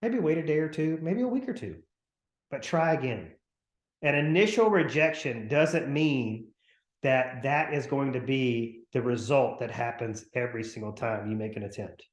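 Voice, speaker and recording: A man coaching real estate agents on a video call, talking in an energetic, chatty way and acting out upbeat phone calls. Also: mid-range voice, normal speed, roomy sound. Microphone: computer mic on a video call.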